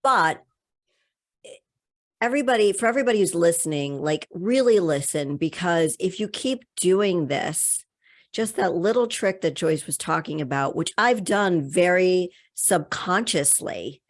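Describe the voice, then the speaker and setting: Low-voiced, reflective woman podcast host. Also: expressive, unhurried. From Connecticut. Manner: reflective, personal, low-key. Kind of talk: casual interview chat.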